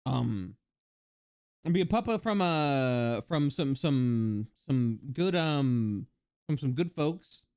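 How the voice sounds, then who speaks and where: Livestreamer, casual rambling chat, lively swooping pitch, unhurried pace. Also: clean tone. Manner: rambling, chatty, frequent laughs and fillers, swears casually.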